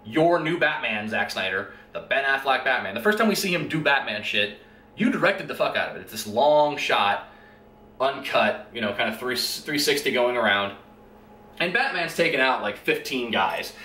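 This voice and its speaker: A man's voice: medium pitch, lively intonation, normal speed, sharp tone. A man giving a casual, rant-style movie review in an exasperated, profane and sarcastic way. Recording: roomy echo.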